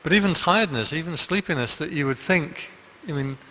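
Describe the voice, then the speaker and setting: A man's voice: fairly high pitch, expressive, brisk, bright, forceful tone. A man, a Buddhist monk, giving a conversational dharma talk full of anecdotes in a meditation hall. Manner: conversational, anecdotal, with frequent restarts.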